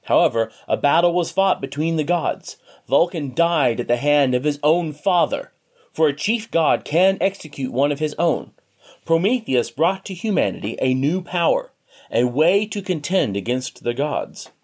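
Expressive male storybook narrator. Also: fairly high pitch, normal speed.

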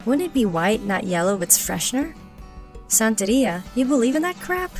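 A woman voicing a young woman on holiday who is uneasy, a little higher and softer than her narrating voice. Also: animated, moderate pace, soft background music, natural voice. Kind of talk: storybook narration.

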